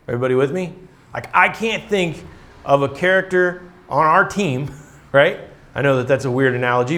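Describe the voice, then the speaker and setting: A man with a fairly high voice teaches from scripture in a relaxed, conversational way. He thinks out loud, restarts his phrases and keeps checking in with the room by asking "right?". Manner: restarts and repeats words while thinking aloud. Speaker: Bible teacher.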